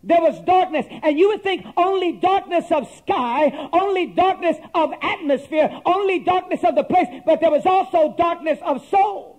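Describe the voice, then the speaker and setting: A man's voice: very high-pitched, moderate pace, hardly any pauses, a little mellow. A male pastor preaching a sermon, passionate and calling on the congregation to answer back. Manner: impassioned, calls for amen from the congregation.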